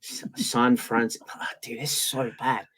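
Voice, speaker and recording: A man's voice: medium pitch, little pitch movement, slow pace, over a noisy crowd. An English man co-hosting a podcast, chatting casually and ranting playfully with restarts. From England. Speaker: podcast co-host. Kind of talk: casual chat.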